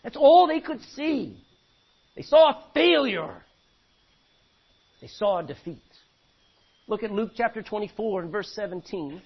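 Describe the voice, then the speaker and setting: A man preaching a sermon, animated, acting out voices from the scripture he reads. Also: sits high, measured pace, long pauses, husky. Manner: animated, acts out biblical voices. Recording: dull lo-fi recording.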